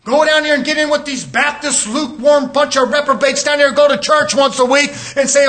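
Fiery preacher guy, real high voice, bright and piercing, shouts a lot. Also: normal speed, few pauses. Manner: shouting, preaching with rising intensity, mimicking whiny voices. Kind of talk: fiery sermon.

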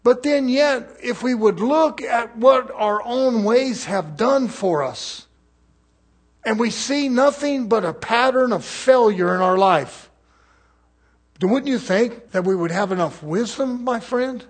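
Husky high-voiced male preacher. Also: animated, slow. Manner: emphatic, swings between loud and soft, rhetorical questions to the congregation. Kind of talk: sermon.

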